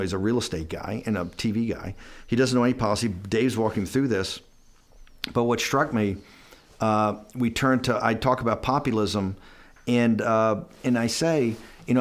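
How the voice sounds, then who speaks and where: A man who is an interview guest, telling a story in casual, rambling speech that often breaks off and restarts and acts out other people's lines. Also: medium pitch. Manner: quotes others in dialogue.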